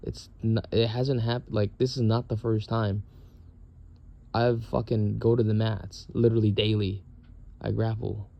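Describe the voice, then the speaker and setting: Gravelly young man ranting profanely. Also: on the low side, little pitch movement, measured pace, dull audio. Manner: profane, exasperated venting. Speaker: military service member. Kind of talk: casual rant.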